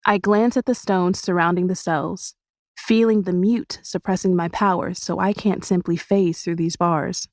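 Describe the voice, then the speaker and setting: A woman narrating an audiobook in the first person, soft and measured. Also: fairly low pitch, fairly even intonation, no room sound, clean studio sound.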